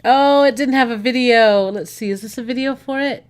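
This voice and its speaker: A woman's voice: on the high side, normal speed. A bubbly woman chats on a casual livestream. She gushes and exclaims to her viewers as she browses recipes. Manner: excitable, gushing, talks to viewers. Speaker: livestream host.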